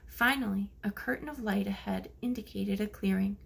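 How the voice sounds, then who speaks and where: A woman reading a children's storybook aloud as narrator, slipping into soft whispers for hushed lines. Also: medium pitch, moderate pace, gravelly. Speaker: audiobook narrator.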